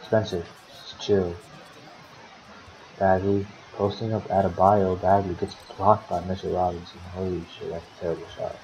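Low-sitting and a little mellow, with little pitch movement and a normal speed, this man casually calls his own team's simulated basketball game as manager in a sim league. He curses plenty and grumbles at the players. Expect a little hiss or hum on a dull lo-fi recording.

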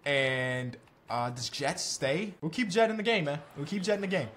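A young man commenting on his own basketball video game as he plays, talking to the players on screen, mocking himself and shouting at big plays. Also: a little high, moderate pace. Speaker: gaming YouTuber.

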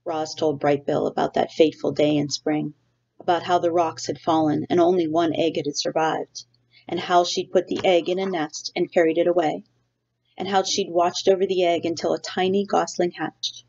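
A woman teacher reads a children's novel aloud to her class in a steady storytelling way. Her voice is low and gravelly. The recording sounds dull and lo-fi. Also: normal speed.

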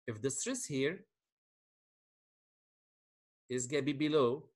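Husky-voiced man lecturing on beams. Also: mid-range voice. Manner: explains step by step, asks the class questions. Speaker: engineering lecturer. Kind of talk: classroom lecture.

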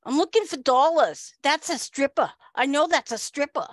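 A woman voicing a brash, excitable female coworker who talks bluntly and insistently. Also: high-pitched, moderate pace, dry recording, voice pushed up.

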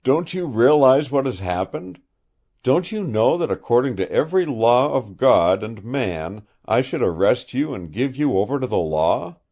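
A man's voice: mid-range voice, very animated, normal speed, a little mellow, breathy edge, pitched above the performer's own voice. A man reading the part of a young law officer, speaking firmly and with authority. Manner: firm, commanding. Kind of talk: audiobook character reading.

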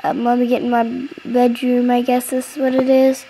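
A woman's voice: a little high, completely flat delivery, normal speed, background noise. A young woman casually commenting on her gameplay, chatty and giggly, easily startled, into a close computer mic. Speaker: gaming channel host.

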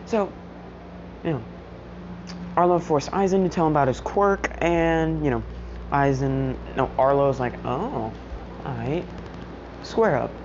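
Casting: low-voiced woman narrating a fan story, loose and rambling, muffled home recording with noise. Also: unhurried, pauses often. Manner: rambling, filler-heavy with constant "you know". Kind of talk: casual story recap vlog. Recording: muffled lo-fi audio with household noise.

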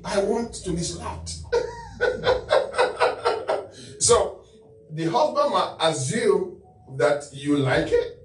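A man speaks as a bishop and guest, teaching about marriage in a loud voice shaped by years at the pulpit. His pitch sits in an ordinary middle range. The recording is roomy and picked up from a distance, with soft music underneath. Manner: loud, preacherly delivery. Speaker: bishop, guest on a talk show. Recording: echoey room, distant mic, faint music.

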